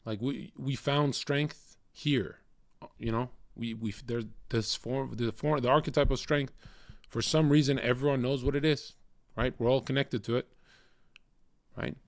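A man ranting on a livestream, profane and combative, swinging between loud outbursts and low muttering. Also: steady tone, unhurried, creaky. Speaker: streamer. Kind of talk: casual livestream rant.

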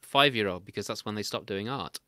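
A man's voice: lowish voice, fairly quick, sharp tone, no room sound, studio quality. A man from England, hosting a casual interview over a remote call, chatty and laughing often as he tells stories. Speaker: podcast host. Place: home, remote video call.

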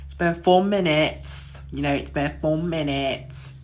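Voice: mid-range voice, measured pace, fairly bright tone. A gamer giving let's-play commentary on a horror game, jittery and exclaiming in fright, dropping to whispers at tense moments.

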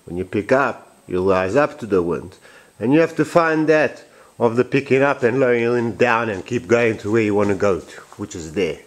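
A man's voice: lowish voice, moderate pace. A man who builds boats, explaining his boat in a casual vlog and rambling with restarts and repeated phrases, recorded in his workshop. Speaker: boatbuilder.

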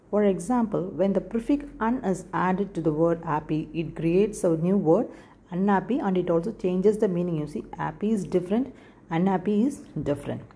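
Woman, Indian English accent, teacher, lowish mellow voice, slow and repetitive, spells words letter by letter. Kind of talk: recorded classroom lesson.

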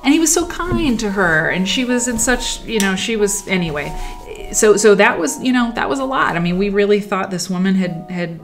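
A woman's voice: mid-range voice, lively intonation, moderate pace, few pauses, over music. A woman hosting a livestream, telling stories in a rambling, reflective way that often trails off. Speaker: livestream host. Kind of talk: casual livestream storytelling. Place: at home while sewing.

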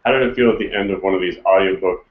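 A man hosting a casual interview, relaxed as he asks questions and gives short replies. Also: low-pitched, rapid-fire. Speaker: interviewer, podcast host. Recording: roomy, dull lo-fi sound.

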